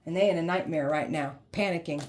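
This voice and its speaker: A woman's voice: low-pitched, fast. A woman giving a blunt tarot reading, sassy and heated, swearing freely and mocking the people she describes. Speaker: tarot reader.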